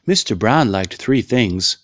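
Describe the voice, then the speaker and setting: A man reading a children's picture book aloud in slow, clearly paced storytelling. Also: lowish voice, animated, fairly bright tone, no room sound, studio quality. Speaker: reader.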